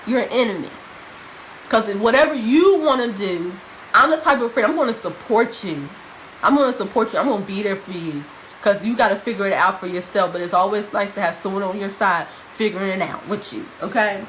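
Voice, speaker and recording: A woman's voice: mid-range voice, brisk, a bit bright, a little hiss or hum, low-quality recording. A young adult woman vlogging, telling a personal story straight to her viewers in a casual, emphatic way and repeating phrases for stress. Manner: addresses viewers informally.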